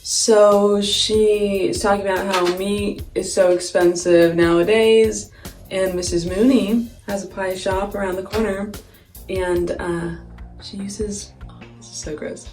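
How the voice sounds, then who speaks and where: This vlogger, a young woman, speaks at mid-range pitch with a darkish tone, unhurried and fairly even as she tells a story over her makeup routine. She giggles often and fills her sentences with "like" in a chatty, casual way. The sound is echoey and far from the mic, with faint music underneath.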